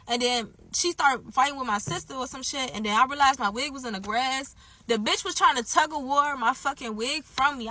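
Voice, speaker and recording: A young woman telling a story in a casual, animated way, profane and swinging from loud bursts to low asides. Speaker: storyteller in a clip.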